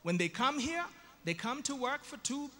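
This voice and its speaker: High, bright-voiced Ugandan comedian. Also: male voice, normal speed. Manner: animated, acts out voices, self-mocking asides. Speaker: stand-up comedian. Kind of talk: stand-up storytelling. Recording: live in an echoey hall.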